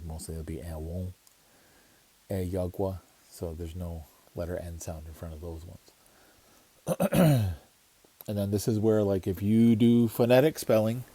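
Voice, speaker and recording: A man with a very low, dark voice and a husky edge teaches a language lesson. He talks in a relaxed, explanatory way, sounding out each word slowly. His tone stays casual throughout. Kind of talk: casual screen-share lesson.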